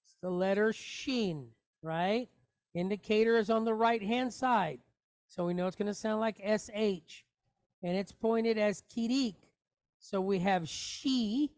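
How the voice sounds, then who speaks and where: A woman's voice: medium pitch, darkish tone, dry recording, clean studio sound. A woman teaching a Hebrew reading lesson, patiently explaining each letter and asking the class questions.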